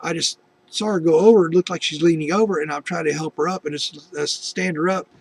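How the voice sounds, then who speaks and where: A middle-aged American man hosts a video testimony, sharing his personal faith story in a rambling way full of restarts and asides. His voice is fairly high and husky, with fairly even intonation and a brisk pace.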